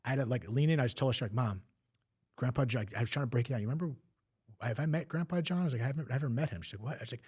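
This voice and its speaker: Man, podcast guest, rapid emotional storytelling, mid-pitched. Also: a little mellow, breathy edge. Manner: fast, emotional retelling with acted quotes. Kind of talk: personal storytelling.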